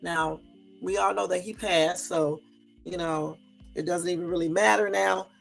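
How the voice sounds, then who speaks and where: A woman hosting a livestream, chatting loosely and pausing over clips she plays. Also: lowish voice, fairly even intonation, vocal fry, soft background music. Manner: chatty, loose, stops and restarts. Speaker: livestream host. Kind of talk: casual commentary over clips.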